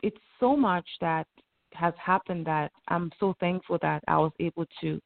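A woman guest in a conversational interview speaks reflectively, acting out her own inner thoughts. Her fairly low voice has vocal fry and moves at normal speed, with no echo, over a tinny, phone-like line.

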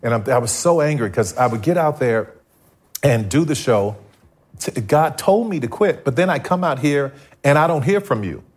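A man giving a personal testimony as a guest before a live audience, telling his story with animated, acted-out dialogue. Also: medium pitch, normal speed, husky. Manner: animated, acts out his past self in dialogue. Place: stage in front of a live audience.

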